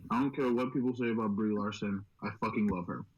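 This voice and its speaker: Swearing, excitable young man. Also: on the low side, fast talker, lo-fi sound, slight background noise. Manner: profane, excitable, rambling. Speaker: podcast host. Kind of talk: casual chat.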